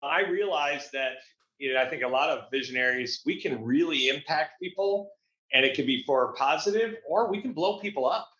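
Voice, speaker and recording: An upbeat man talking as a guest coach in a casual interview, with a bright, forceful voice pitched a touch high. He speaks in a motivational way and often restarts phrases. The sound is dull and lo-fi, with a roomy echo around him. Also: moderate pace.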